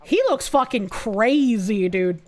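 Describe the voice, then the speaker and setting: A woman's voice: fairly high pitch, expressive, takes it slowly, crowd noise. A woman streaming live, reacting to news clips and talking to her chat in a blunt, profane way. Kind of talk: casual live-stream commentary.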